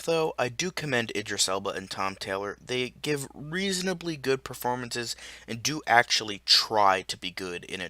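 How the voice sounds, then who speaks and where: A man's voice: on the low side, sharp tone, no echo. A man angrily reviewing a film, ranting with heavy profanity and sarcasm. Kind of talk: angry scripted film review.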